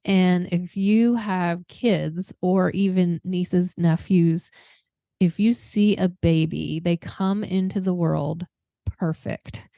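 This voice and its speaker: A woman hosting a podcast interview speaks slowly, with a gravelly edge and a dark, mellow tone. She talks earnestly and reflectively in short, measured phrases. The recording is dry and slightly dull. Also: fairly low pitch, steady tone, dry recording. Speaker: podcast host.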